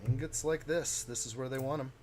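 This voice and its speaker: A man's voice: medium pitch, steady tone, a little fast. A man in the middle of his range talks loosely to his live-stream audience, thinking aloud as he works. His chat wanders and chuckles along. A faint layer of noise sits under the voice. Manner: chatty, talks to viewers while building, chuckles. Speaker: live-stream host building a model kit.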